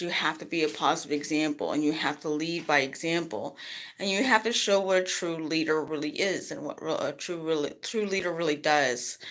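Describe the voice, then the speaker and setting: A middle-aged woman talking casually to camera in a vlog, chatty and rambling, and she jumps her voice up high when quoting other people. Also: pushed and bright. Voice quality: rambling, chatty, lots of "you know". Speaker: vlogger.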